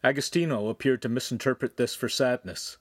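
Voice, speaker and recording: A man narrating a young adult novel in a steady, measured way. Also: mid-range voice, dry recording, studio quality. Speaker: audiobook narrator. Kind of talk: scripted audiobook narration.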